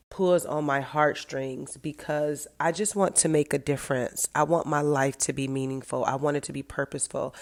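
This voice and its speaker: A middle-aged woman with a low voice hosts her own podcast, talking through her thoughts in a candid, heartfelt solo monologue that at times turns emotional.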